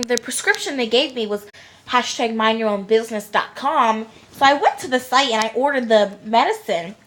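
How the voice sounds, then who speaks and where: A woman's voice: high-pitched, fairly bright tone, low-quality recording. Bubbly woman, gossipy chatter. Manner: chatty, gossipy, valley-girl rambling. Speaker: comedy sketch creator. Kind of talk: comic character monologue.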